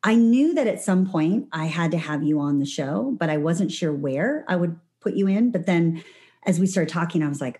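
A woman hosts a podcast in a casual, chatty way, often circling back with fillers and restarts. Her voice sits a little low. She grew up in Southern California. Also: animated, normal speed, warm tone. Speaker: podcast host.

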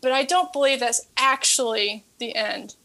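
Speaking at a normal speed, this woman, a fitness coach who has also written a book, recounts a story during an interview. She sounds earnest, bright and forceful, with a slightly high voice, and she tends to repeat words while driving a point home.

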